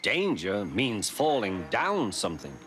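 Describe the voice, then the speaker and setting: A man's voice: fairly low pitch, huge pitch swings, a little slow, over music. A man voicing a sensible, cautious little engine in a storybook, giving warnings matter-of-factly.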